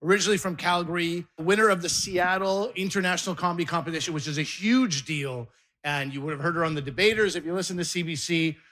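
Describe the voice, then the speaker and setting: Bright, fast-talking male emcee. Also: on the high side. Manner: hyped, shouting the comic's name to the crowd. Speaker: comedy show host. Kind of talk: stand-up emcee introduction.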